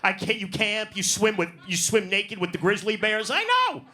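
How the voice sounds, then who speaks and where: A man's voice: high voice, huge pitch swings, normal speed, bright, forceful tone. A man doing a profane, brash stand-up set in a comedy club, working the crowd. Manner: profane, brash, riffs on audience.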